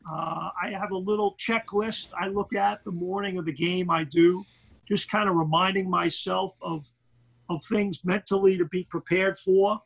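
A middle-aged basketball commentator with a Brooklyn accent, chatting animatedly in an interview and tripping over repeated words. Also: male voice, high voice, fairly even intonation, normal speed, vocal fry, a bit bright, slightly rough, low-quality recording. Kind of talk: casual interview chat.

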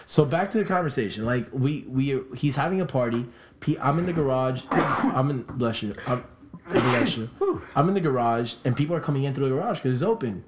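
A young man from South Florida recounts a party story in a relaxed podcast chat. He swears freely and keeps slipping into the voices of the people he quotes, talking the way friends talk across a table. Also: medium pitch, fairly quick, a little hiss or hum. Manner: animated, profane, acts out quoted voices.

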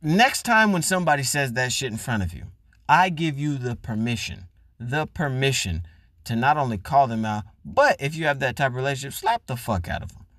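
A man hosting a podcast, ranting and swearing in a mocking, loud comedic way. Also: medium pitch, big pitch swings, fairly quick, dry recording, studio quality. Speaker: podcast host. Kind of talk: profane comedic rant.

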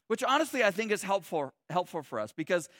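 A man's voice: sits high, big pitch swings, fast, fairly bright tone, no echo, studio quality. A man preaching a sermon in a loose, conversational way, joking and restarting his sentences often. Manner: conversational and humorous, many restarts and "like". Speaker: pastor.

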